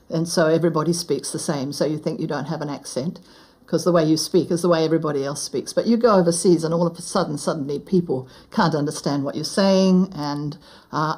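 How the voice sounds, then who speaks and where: Husky low-voiced New woman. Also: mellow. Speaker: accent expert. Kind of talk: interview.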